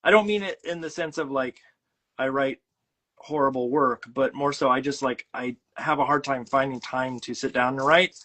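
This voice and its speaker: A middle-aged man hosts a casual chat while making art, his medium-pitched voice bright and forceful at a normal speed. He rambles and puts himself down, full of fillers and restarts.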